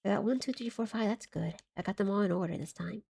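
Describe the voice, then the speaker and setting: A woman's voice: mid-range voice, fast talker, vocal fry, dark tone, slightly rough. A woman streaming a game live, chatting casually and reading chat aloud, scattered and giggly as she loses her train of thought.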